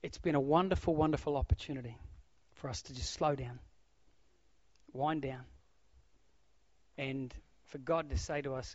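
Preaching at a normal speed, a middle-aged male pastor with a somewhat high voice alternates lively loud bursts with near-whispers. The sound is dry and close-miked, without any surrounding room, and has a slightly dull, lo-fi quality.

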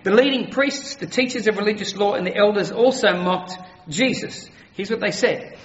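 A pastor preaching an earnest, emphatic sermon, slowing to stress key words. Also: male voice, high-pitched, roomy sound, long reverb tail, lo-fi sound.

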